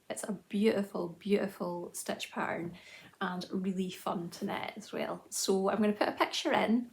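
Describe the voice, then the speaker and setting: Woman, 30s, knitting vlog host, casual and self-mocking, slight fry in the voice. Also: medium pitch, fairly bright tone. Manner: chatty and self-deprecating, with frequent "um" and restarts. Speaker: knitting video journal host. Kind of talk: casual chat to camera.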